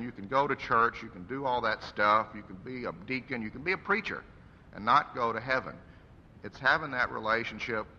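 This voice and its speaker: A man's voice: medium pitch, pushed and bright, slight background noise. A man delivering an earnest, preacherly eulogy for his father at a funeral service. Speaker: son giving a eulogy. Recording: echoey hall, dull lo-fi sound.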